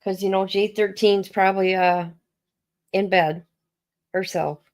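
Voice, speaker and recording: A woman's voice: medium pitch, steady tone, measured pace, a little mellow. A woman chatting casually on a live stream, rambling and talking to her viewers by name. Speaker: interview guest streaming live.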